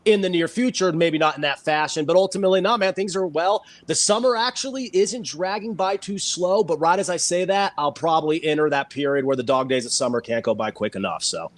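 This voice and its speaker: A man chatting on a casual panel, chiming in with quick backing remarks. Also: on the high side. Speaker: panel guest.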